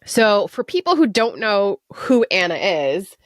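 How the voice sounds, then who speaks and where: A woman's voice: mid-range voice, big pitch swings, unhurried, dry recording. A woman hosting a podcast interview, talking casually and emotionally, close to tears as she gushes about her guest. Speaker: podcast host.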